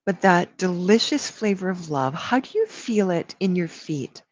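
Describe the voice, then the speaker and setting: Slow, singsong woman giving energy readings. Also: lowish voice, lively intonation. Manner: affectionate, calls people sweetheart and baby. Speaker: energy healer. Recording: dull lo-fi audio.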